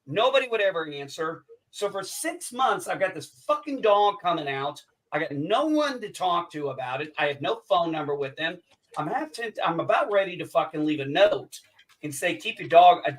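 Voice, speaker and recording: A man's voice: high voice, fairly bright tone, distant mic, rough recording. A man in casual chat, swearing a lot while telling a story and acting out angry lines. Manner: profane storyteller, acts out heated quotes.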